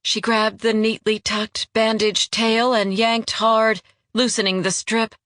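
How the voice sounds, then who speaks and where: A woman narrating an audiobook in a measured, even storytelling manner. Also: a little high, no room sound, studio quality. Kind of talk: scripted narration.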